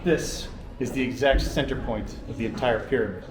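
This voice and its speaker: A man's voice: mid-range voice, normal speed, crowd noise. A man giving a casual travel vlog tour inside a pyramid, chatty and explaining as he walks. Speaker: travel vlogger and tour guide. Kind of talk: casual on-location tour commentary. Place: inside narrow stone passages of a pyramid. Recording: echoey stone interior with music behind. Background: background music.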